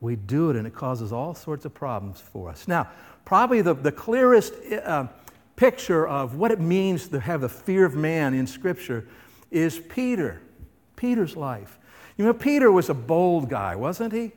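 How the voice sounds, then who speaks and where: A pastor preaching a sermon, emphatic and fond of asking his listeners questions. His voice sits somewhat high for a man. It carries the long reverb of a large hall. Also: big pitch swings, unhurried. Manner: emphatic, full of rhetorical questions.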